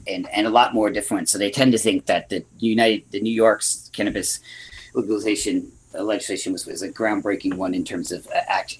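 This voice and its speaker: A lower-pitched man with a Western New York accent and a husky voice, talking through issues as a podcast guest. He stumbles and restarts often but speaks his mind bluntly. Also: poor audio. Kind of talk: casual podcast discussion.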